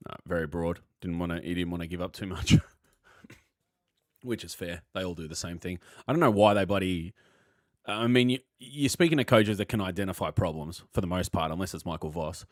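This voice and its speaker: An Australian man hosting a live football fan stream, chatting loosely with viewers, blokey and sweary, thinking out loud. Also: deep voice, fairly quick, dry recording, clean studio sound.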